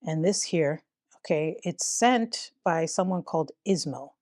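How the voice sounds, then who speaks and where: A woman talking straight to camera in casual commentary, her voice sitting a little low. She throws in sarcastic, incredulous asides, and the sound is dry and close with no room echo. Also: lively intonation, a little slow, darkish tone. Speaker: commentary YouTuber.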